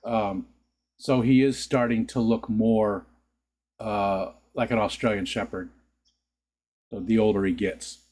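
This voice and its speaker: A man's voice: fairly low pitch, fairly even intonation, takes it slowly, long pauses, a little mellow. A man hosting a casual home livestream, chatting to his viewers in a loose, rambling way and laughing often. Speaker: livestream host. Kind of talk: casual chat to live viewers. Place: home room.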